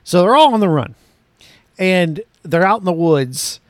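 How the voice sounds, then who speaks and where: Man, podcast co-host, sarcastic joking, lively up-and-down delivery, somewhat high voice, dry close sound. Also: unhurried, no room sound. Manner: mock-emphatic, sarcastic joking. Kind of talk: casual movie review chat.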